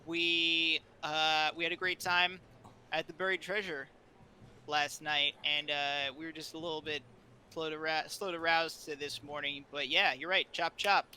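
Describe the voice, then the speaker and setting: A man's voice: a little high, little pitch movement, unhurried, sharp tone, slight background noise. A man playing a tabletop role-playing game, talking in a laid-back, rambling way. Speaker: player.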